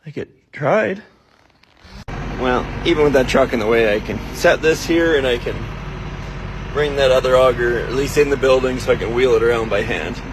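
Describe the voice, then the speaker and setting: A farmer with a mid-range voice narrates his own shop project for a casual vlog at normal speed, muttering dryly, putting himself down, and swearing offhand. Background noise is audible.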